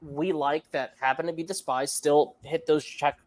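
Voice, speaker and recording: A man's voice: fairly high pitch, steady tone, normal speed. A man co-hosting a movie review podcast, talking in a casual, rambling way with lots of fillers. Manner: rambling, many fillers and restarts. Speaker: podcast co-host.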